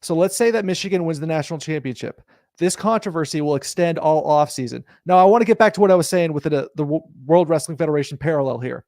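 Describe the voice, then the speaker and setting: Man, sports talk host, insistent, debating, pitched a bit high. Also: quick pace, a little mellow, no echo, studio quality. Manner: insistent, argues by building analogies.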